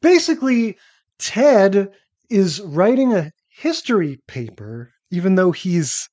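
A man's voice: high voice, big pitch swings, slow pace, mellow, no echo. Man casually critiquing old TV. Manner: opinionated, dry critiques with fillers. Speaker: podcast co-host. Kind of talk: casual chat recapping TV episodes.

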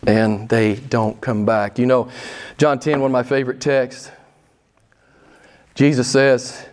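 A man preaching a sermon as pastor, emphatic and pressing questions on his listeners, with sudden excited rises. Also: medium pitch, slow, long pauses. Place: church.

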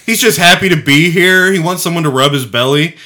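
Bright-voiced joking podcast man. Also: fairly high pitch, fairly quick, slight background noise. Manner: joking, profane, riffing on wild ideas. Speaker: podcast co-host. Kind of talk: casual chat.

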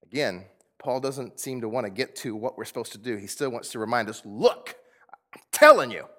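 A man's voice: medium pitch, brisk. A man preaching a conversational sermon, laughing often and asking his congregation rhetorical questions. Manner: animated, conversational, with frequent laughs. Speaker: pastor.

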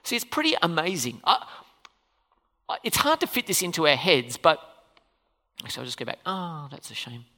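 A pastor preaching a sermon in a church hall, animated and full of questions for the congregation. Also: mid-range voice, moderate pace, long pauses. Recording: long reverb of a hall.

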